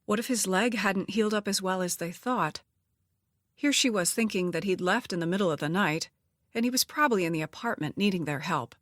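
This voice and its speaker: A woman reading a novel aloud as an audiobook narrator, in an even, measured storytelling voice. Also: medium pitch, no echo, studio quality. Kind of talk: scripted narration.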